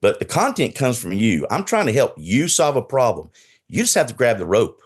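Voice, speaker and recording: A man's voice: medium pitch, very animated, moderate pace, husky. A middle-aged man with a Southern US accent, a guest in a casual podcast interview on a video call, talking in a direct, confident way and telling stories. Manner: direct, confident, storytelling with quoted dialogue. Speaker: guest, enterprise salesperson.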